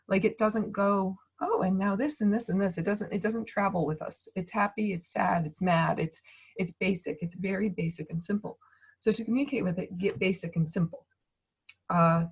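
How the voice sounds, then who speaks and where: A woman giving a casual teaching talk on emotions over a video call, speaking gently with frequent restarts and fillers. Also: on the low side, breathy edge. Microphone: video call mic.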